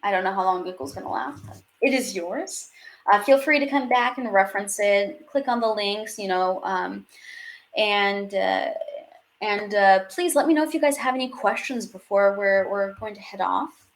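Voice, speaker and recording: Brief: young female teacher, live online class, chatty and upbeat, mid-pitched, slips French phrases in. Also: moderate pace. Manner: chatty, laughs often, mixes French phrases into English. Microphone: webcam or headset on video stream.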